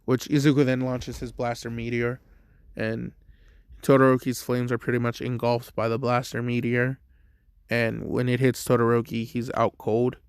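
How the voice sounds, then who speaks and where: A young man rambles casually through a fan story, easygoing and full of fillers. His voice sits at an average pitch and sounds smooth and clear. The recording is dry and close. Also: little pitch movement, moderate pace, no room sound. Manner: rambling, filler-heavy, laid-back.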